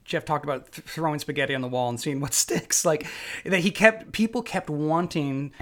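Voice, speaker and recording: A man's voice: a little high, moderate pace, a bit bright. A man co-hosting a podcast, casually thinking aloud as he reflects. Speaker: podcast co-host. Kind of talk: casual chat.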